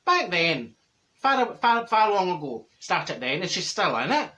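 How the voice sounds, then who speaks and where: In this comic monologue to camera, a man voices a chatty, brash middle-aged Glasgow woman with a Glaswegian Scottish accent, telling gossipy stories in an exaggerated way. His voice is high-pitched and sharp, with big swings in pitch and a measured pace, heavily acted and punctuated by theatrical outbursts and bursts of laughter.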